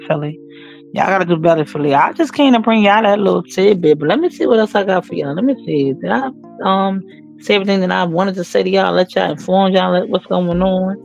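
A woman hosting a casual news commentary vlog, talking straight to her viewers in an animated, emphatic, slangy way. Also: on the low side, fairly quick, creaky, dull audio, faint music behind. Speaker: channel host and news commentator.

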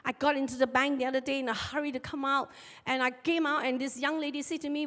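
Female preacher, high-pitched, lively storyteller; church hall with long reverb. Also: fast talker. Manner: animated storyteller, acts out shouted market dialogue. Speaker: pastor. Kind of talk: sermon with personal stories. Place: church sanctuary.

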